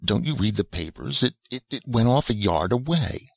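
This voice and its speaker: A man voicing a small, wary man who confides that he has secret powers, in a halting, rueful way. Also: mid-range voice, animated, vocal fry, no room sound, clean studio sound, voice pushed up. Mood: defensive. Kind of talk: audiobook character voice.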